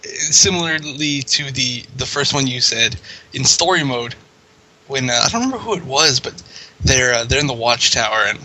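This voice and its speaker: Man, bright and animated co-host voice, chatty and hesitant. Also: mid-range voice, normal speed, poor audio. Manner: animated, hesitant storytelling with fillers. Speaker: podcast co-host. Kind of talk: casual chat.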